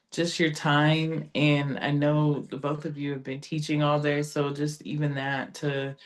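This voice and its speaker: A woman hosting a podcast, listening with short agreements and closing with thanks. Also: low-pitched. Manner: warm backchannels, thankful wrap-up. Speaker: podcast host. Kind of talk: casual podcast conversation.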